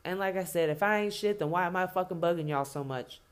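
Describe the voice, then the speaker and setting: A woman's voice: on the low side, fast, clear, resonant tone. A woman delivering an impassioned spoken rant, blunt and heavily profane, hammering points home by repeating herself.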